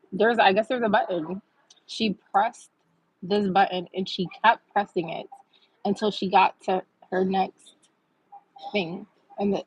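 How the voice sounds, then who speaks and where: Woman vlog host, breathy and muffled, casual storytelling. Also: mid-range voice. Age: adult with a child. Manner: chatty, animated storytelling with laughs.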